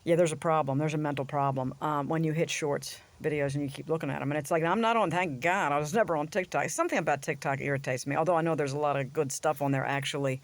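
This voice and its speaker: A woman talks straight to her audience in an unscripted opinion rant. She is blunt and crude and makes no effort to soften her views. Sarcasm runs all through her delivery. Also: sits low, fairly even intonation, quick pace, few pauses, no echo. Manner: sarcastic, swings into mocking voices. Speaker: vlogger. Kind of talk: casual opinion rant to camera.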